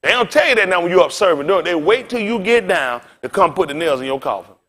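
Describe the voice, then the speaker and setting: A man preaching a sermon as pastor, in a casual style with big swings in pitch and loudness and direct asides to the congregation. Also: lively intonation, quick pace.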